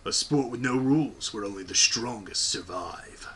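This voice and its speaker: A man putting on the voice of a dramatic movie-trailer announcer, slow and grave. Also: medium pitch, fairly bright tone, slight background noise, voice pushed down, natural voice. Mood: ominous. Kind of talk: mock trailer narration.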